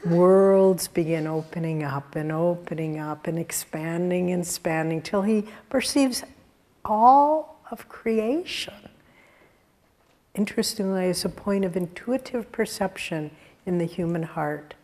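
A woman with a fairly low voice gives a sermon-style talk, unhurried and deliberate. She tells spiritual stories earnestly and warmly, with the odd soft laugh. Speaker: spiritual teacher giving a talk.

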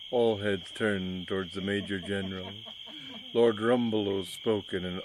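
A man reading a comic story aloud in a measured, wry narrating voice. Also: low-pitched, steady tone, slight background noise, poor audio.

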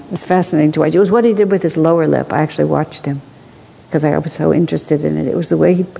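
A woman telling stories in a reflective spiritual discussion, thoughtful, with asides and soft laughs. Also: low voice, gravelly, slight background noise. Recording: long hall reverb.

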